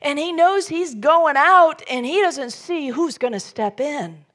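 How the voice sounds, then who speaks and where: A woman preaching a sermon, telling the story with animated voices, rising to loud emphasis and dropping to soft near-whispers. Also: high voice, a little slow. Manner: animated storytelling, acting out Jesus' lines. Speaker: pastor.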